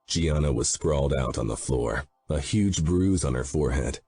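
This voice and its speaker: A man with an extremely low, dark, husky voice narrates an audiobook in first person. His delivery is grim and brooding, with soft music playing underneath. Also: moderate pace. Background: faint background music.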